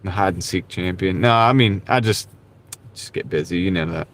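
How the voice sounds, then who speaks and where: A man's voice: low voice, normal speed, a bit bright. A man hosting a live stream from his car while gig driving. He chats casually with viewers in a laid-back, rambling way and often says "dude". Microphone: wireless clip-on mic.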